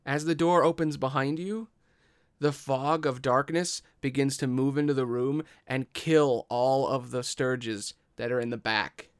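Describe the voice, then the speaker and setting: A man acting as game master, narrating a tabletop game in a slow, measured way. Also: medium pitch, steady tone, smooth.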